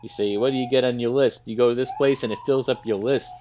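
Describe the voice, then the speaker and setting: A man's voice: medium pitch, steady tone, quick pace, dark tone, slight background noise. A man co-hosting a casual comedy podcast, trading puns and reading mock ads with a jokey delivery. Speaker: podcast co-host.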